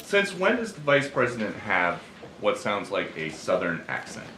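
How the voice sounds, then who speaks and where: A man's voice: lowish voice, wildly swooping pitch, normal speed, roomy sound, noisy background. A man reporting at a press briefing, pressing his questions persistently.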